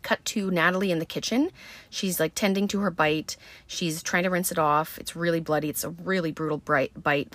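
A woman's voice: fairly low pitch, fairly even intonation, moderate pace, fairly bright tone. A woman giving a casual, chatty film recap, full of "um" and "like" fillers and blunt about what happens. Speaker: movie recap host.

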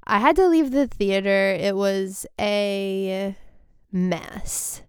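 A woman's voice: medium pitch, extremely slow, darkish tone, clear, resonant tone, no echo, studio quality. A young adult woman comedian hosting her own podcast, chatting casually in a rambling, self-deprecating way with frequent restarts. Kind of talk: casual solo podcast chat.

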